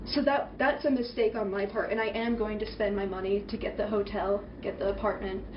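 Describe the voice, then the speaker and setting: A woman who is being confronted answers in a halting, apologetic way. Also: mid-range voice, fairly even intonation. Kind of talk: emotional confrontation. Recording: echoey, distant, dull, noisy clip.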